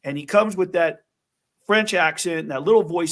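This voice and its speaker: A man hosting an interview, telling stories in an animated way with quick asides. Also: on the high side. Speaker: host. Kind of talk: casual interview chat.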